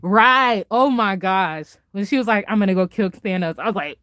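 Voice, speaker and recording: A woman vlogger in a casual reaction chat, gushing and excitable, laughing often and swinging between loud highs and soft mutters. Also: normal speed, no echo, clean studio sound.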